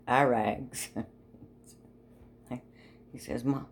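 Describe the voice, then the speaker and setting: A woman's voice: rumbling low, steady tone, takes it slowly, vocal fry, long pauses, darkish tone, a little hiss or hum. An older woman telling a rambling personal story in a chatty, folksy way, laughing often. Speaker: vlogger.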